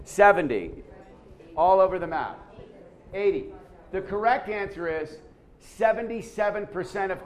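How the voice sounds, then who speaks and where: A man leading a lively seminar quiz, putting questions to a live audience and often repeating himself as he goes. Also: high voice. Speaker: seminar speaker running a quiz. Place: conference room with a live audience.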